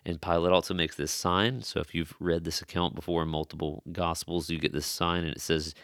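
A man's voice: sits low, fairly even intonation, a little fast, fairly bright tone, no room sound, studio quality. A man preaching an expository sermon in an earnest, conversational way, stressing key phrases.

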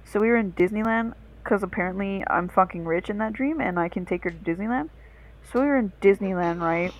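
A young woman on a casual podcast, telling a story in a loose, rambling way and swearing freely. She sits at a middle pitch and keeps her delivery animated. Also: brisk, low-quality recording. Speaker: podcast co-host.

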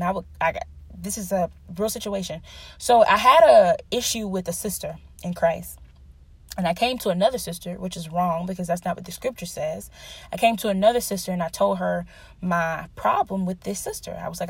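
A woman's voice: mid-range voice, a little fast, slightly rough, no room sound. A young woman giving an earnest, conversational devotional teaching, telling personal stories and laughing at herself now and then. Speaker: Bible teacher.

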